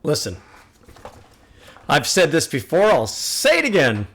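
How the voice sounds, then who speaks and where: A man's voice: on the high side, huge pitch swings, normal speed, a bit bright, slightly rough. A man hosting a music reaction video, talking earnestly and repeating himself like a sermon. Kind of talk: casual reaction commentary.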